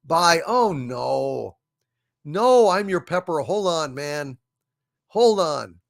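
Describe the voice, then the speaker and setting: Male streamer host, slightly high voice, gushing and apologetic, stumbles through fillers while reading chat. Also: expressive, vocal fry. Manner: effusive, apologetic, halting with many fillers. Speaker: livestream host. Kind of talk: casual live chat, reading super chats.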